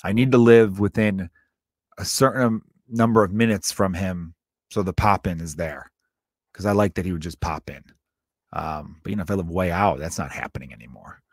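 Male podcast host, 30s, low register, casual and profane storyteller, dry close sound. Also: moderate pace, dry recording. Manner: rambling, profane, self-interrupting.

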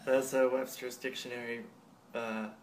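A man's voice: mid-range voice, flat delivery, normal speed, slight background noise. A man hosting a podcast in casual chat, laid-back and slangy, swearing freely. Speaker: podcast host.

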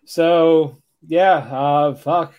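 A man's voice: a little high, steady tone, drawn-out words, darkish tone, smooth. A man co-hosting a casual anime podcast, agreeing easily and adding to the recap with an easygoing manner. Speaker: podcast co-host.

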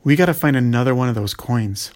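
A man's voice: mid-range voice, quick pace, a little mellow, close to an everyday voice. A man voicing a bold, bossy young princess in a raised, eager voice. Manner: commanding, eager.

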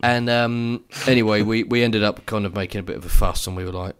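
Here the podcast co-host speaks fairly quickly in a lowish, clean-toned voice with a steady delivery. His talk is casual and meandering, packed with fillers and false starts.

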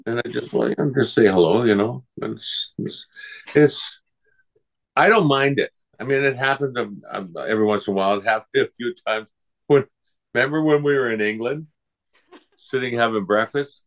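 A man's voice: medium pitch, normal speed, creaky. An older man, a guest voice actor, telling rambling anecdotes in a casual interview and acting out the people he quotes.

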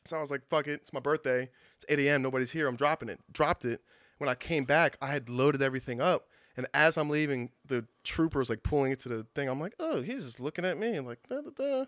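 A man's voice: medium pitch, steady tone, fast, fairly bright tone, no room sound, clean studio sound. A young man in casual podcast chat, telling stories in a laid-back way with lots of fillers and the odd swear word. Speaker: podcast guest.

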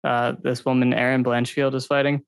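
A man's voice: medium pitch, little pitch movement, brisk, vocal fry, clean tone, dry recording. A man co-hosting a podcast, breaking down fights in a loose, rambling way full of ums and likes. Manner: rambling, hedging, filler-heavy analysis. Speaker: podcast co-host. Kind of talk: casual podcast chat.

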